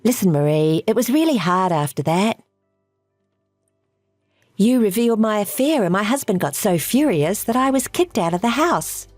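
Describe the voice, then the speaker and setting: A woman plays a scheming, selfish woman who taunts and gloats, her pitch rising and falling in wide, lively swings. The voice sits dry and close, with music playing softly underneath, like a texting-story voice-over. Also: moderate pace, no room sound, natural voice. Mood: self-pitying. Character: scheming selfish adult woman, husband-stealer.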